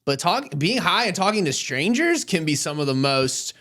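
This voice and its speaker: A man with a high voice tells a story on a casual podcast. He is a stand-up comic and acts out the lines of the people in his story with lively energy. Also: normal speed. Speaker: stand-up comedian, podcast guest.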